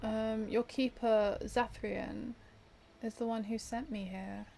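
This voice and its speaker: A woman's voice: fairly high pitch, steady tone, takes it slowly, vocal fry, mellow, a little hiss or hum. A woman giving casual, hesitant let's-play commentary, thinking aloud as she picks dialogue choices. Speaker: gamer playing through a story game.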